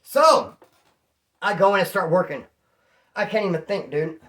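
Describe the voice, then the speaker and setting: A man from California telling a story casually, animated and slangy, acting out what people said. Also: high voice, normal speed. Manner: animated, slangy, acts out quotes.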